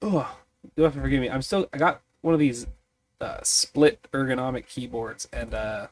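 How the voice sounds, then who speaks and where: A sleepy man thinking aloud in a halting, musing way as he rolls on tables to design a tabletop mystery. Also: medium pitch. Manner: musing, halting, many fillers.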